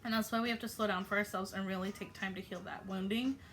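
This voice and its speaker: A woman's voice: mid-range voice, fairly even intonation, fast talker, a bit bright, soft background music. A woman giving a casual spiritual message to her viewers, affectionate and encouraging, with loose fillers. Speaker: spiritual YouTube channeler.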